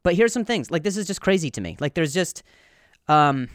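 A man's voice: a little high, very animated, fairly quick, no echo, clean studio sound. A man in his twenties hosting a solo comedy podcast, rambling, stammering and poking fun at himself. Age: 20s. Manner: rambling, stammering and self-deprecating. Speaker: podcast host.

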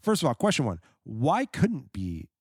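A man's voice: medium pitch, wildly swooping pitch, normal speed, darkish tone, slightly rough, no echo, clean studio sound. A man co-hosting a podcast who asks questions about a movie one after another in casual chat. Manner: inquisitive, lists numbered questions. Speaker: podcast co-host.

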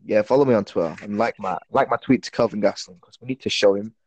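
A man's voice: on the low side, quick pace, a little mellow. A man co-hosting a casual podcast, giving blunt, sweary opinions on fighters. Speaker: podcast co-host. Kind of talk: casual chat.

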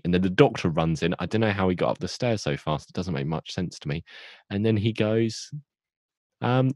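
Casting: podcast co-host, very low voice, dry close mic, rambling jokey recap. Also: male voice, expressive, no echo. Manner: rambling, jokey storytelling with quick asides. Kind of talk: casual plot recap.

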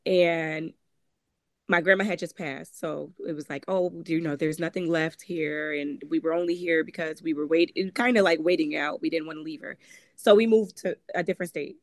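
A woman's voice: sits low, steady tone, normal speed, no echo, clean studio sound. A woman from Connecticut with a Connecticut accent, telling her personal story candidly as a guest in an interview, with frequent "um" and "like" as she acts out what others said. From Connecticut, USA. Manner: candid, conversational, frequent "um" and "like", acts out quoted voices. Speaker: guest author.

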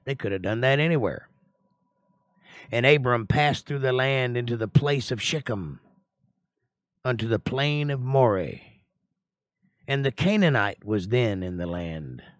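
A man's voice: mid-range voice, lively intonation, unhurried, long pauses, no echo, clean studio sound. A man leading a casual livestream Bible study in a folksy, chatty way, reading scripture aloud, explaining it, and greeting viewers by name. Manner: reads scripture aloud and comments on it.

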